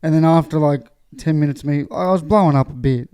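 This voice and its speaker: A man co-hosting a relaxed podcast, his voice a little higher than most men's and soft, warm in tone. He laughs a lot and tells his stories as banter, swearing freely and acting out what people said. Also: brisk, smooth. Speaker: podcast co-host. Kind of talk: casual chat.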